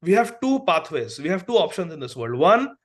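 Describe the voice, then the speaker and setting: This is a middle-aged man teaching a devotional class, and his speaking voice sits on the high side. He talks earnestly and builds his points through stories from his work as a doctor. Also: big pitch swings, brisk. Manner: earnest, storytelling with acted quotes. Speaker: preacher and physician.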